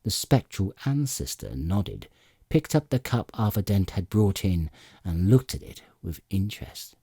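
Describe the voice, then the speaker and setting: Guy reading a story aloud, low and husky, lots of expression, dry sound. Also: big pitch swings, a little slow, mellow, dry recording. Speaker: audiobook reader. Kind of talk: fan audiobook narration.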